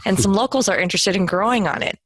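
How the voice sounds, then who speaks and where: A woman's voice: mid-range voice, quick pace, no room sound. A woman co-hosting a podcast, reading a listener's question aloud in a casual way. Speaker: podcast co-host.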